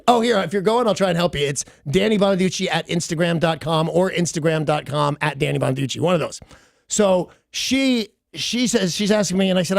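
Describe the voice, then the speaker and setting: Middle-aged man, radio host, gravelly voice, slightly high pitch, dry close sound. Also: brisk, no room sound. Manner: animated storyteller, mimics voices. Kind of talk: casual storytelling on a morning radio show.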